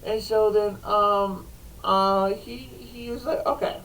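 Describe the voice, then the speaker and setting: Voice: mid-range voice, fairly even intonation, slow, a bit bright, far from the mic, rough recording. A storyteller improvising a comic tale, rambling and restarting sentences often. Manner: rambling, restarts, frequent laughter.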